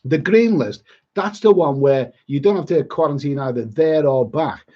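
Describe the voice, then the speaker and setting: A man's voice: a little high, moderate pace. A man from Liverpool with a Liverpool accent, rambling bluntly and grumbling through a casual live-stream chat as a travel vlogger. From Liverpool, England. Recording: dull lo-fi sound.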